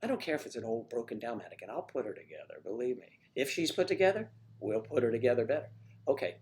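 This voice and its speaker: Male livestream host, mid-pitched, loose jokey rambler, talking from home. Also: sing-song, quick pace, a little mellow. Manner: chatty, joking, drifting between topics. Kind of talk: casual rambling chat.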